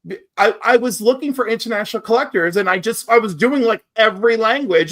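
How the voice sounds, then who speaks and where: Animated storyteller acting out quotes. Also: mid-range voice, fast. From New York. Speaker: podcast co-host. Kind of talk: casual chat.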